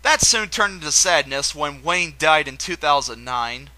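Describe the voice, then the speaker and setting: High, lively young man's countdown. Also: unhurried, rough recording. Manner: enthusiastic, with playful asides. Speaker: video host. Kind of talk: countdown commentary.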